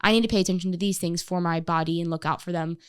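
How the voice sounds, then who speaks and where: A woman co-hosting a casual podcast, her voice smooth and clean and sitting a little low. She talks in an emphatic, animated way, with many fillers and restarts. She comes back to her points with real intensity. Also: rapid-fire. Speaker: podcast co-host.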